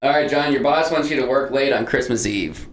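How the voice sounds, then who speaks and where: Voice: mid-range voice, fairly quick. Teasing host in an echoey room. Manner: laughing, teasing, hamming up old-timey voices. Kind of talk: casual chat.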